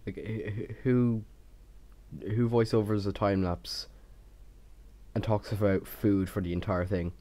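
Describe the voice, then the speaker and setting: Rambling young man, deep and mellow. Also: flat delivery, a little slow, pauses often. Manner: rambling, stuttering, self-mocking. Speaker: Minecraft YouTuber. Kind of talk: casual voice-over of a build time lapse.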